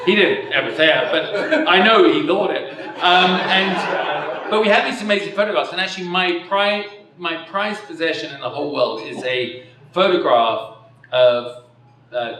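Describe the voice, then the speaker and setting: A man's voice: a little high, noisy background. A man in his fifties giving an after-dinner keynote speech, rambling and self-deprecating with frequent chuckles. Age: 50s. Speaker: keynote speaker. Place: indoor dinner hall. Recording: echoey hall from far off.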